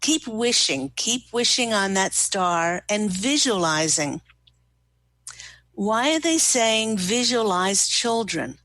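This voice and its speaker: A woman's voice: medium pitch, sing-song, fairly bright tone, no echo. Soothing woman radio card reader. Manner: gushing, slow and soothing, drawn-out emphasis. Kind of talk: spiritual card reading with a caller.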